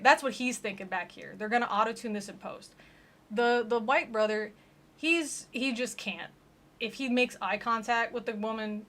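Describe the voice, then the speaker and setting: A young woman streams casual reaction commentary on a video, sarcastic and joking as she mocks the voices of the people in it. Her pitch is fairly high and her tone a bit bright.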